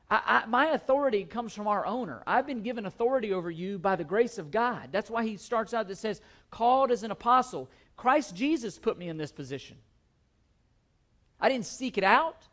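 A man preaching a sermon to his church, earnest and emphatic, often repeating his key phrases. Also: sits high. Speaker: pastor. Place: church sanctuary.

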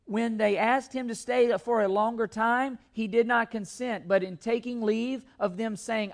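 A man's voice: high voice, moderate pace, few pauses. Earnest man preaching a sermon. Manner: earnest, emphatic, often restarts and repeats words; reads scripture aloud between comments.

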